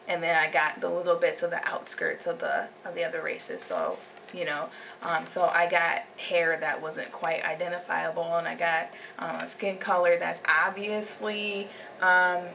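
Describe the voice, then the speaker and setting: Young woman, casual vlog delivery, animated with whispered asides, slight vocal fry. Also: fairly low pitch. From United States. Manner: animated, drops into whispered asides and acted quotes. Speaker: vlogger. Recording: distant mic with faint background noise.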